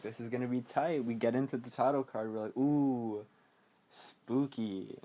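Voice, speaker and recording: A man's voice: medium pitch, darkish tone. A man hosting a casual podcast, recapping a film in a rambling way, laughing often and briefly acting out scenes in silly voices. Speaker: podcast host reviewing a film.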